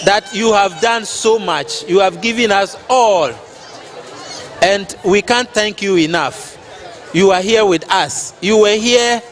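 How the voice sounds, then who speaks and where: A high-voiced man speaks in a slow, measured way as he addresses a festival. He is openly moved and piles on thanks again and again, with a crowd faintly heard behind him outdoors. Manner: effusive, repeating thanks. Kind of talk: emotional public speech.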